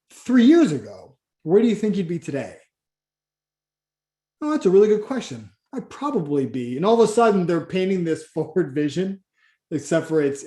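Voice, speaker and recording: A man runs a coaching session in a casual, rambling way. He plays out little exchanges with a client and often stops to restart a sentence. His voice sits a touch high with a mellow, soft-edged tone, and the room around him is echoey. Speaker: Christian business coach.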